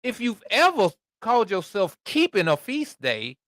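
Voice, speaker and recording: A man hosting a podcast, reading scripture aloud and preaching in an animated, conversational way with asides to his listeners. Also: sits high, normal speed, no room sound, clean studio sound. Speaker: podcast host and Bible teacher.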